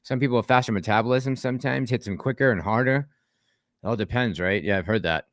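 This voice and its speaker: A man's voice: medium pitch, fast talker, dry recording, clean studio sound. A man hosting a casual livestream, chatting with a co-host and reading viewer comments aloud in a rambling way. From Boston. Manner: chatty, rambling, laughs often.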